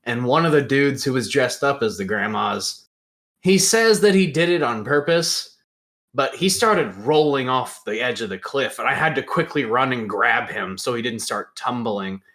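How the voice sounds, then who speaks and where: An animated young man hosts a casual podcast and tells a rambling story, jumping into loud put-on voices for the people he quotes. His pitch sits mid-range but swings widely as he acts out each exchange. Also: normal speed. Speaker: podcast host.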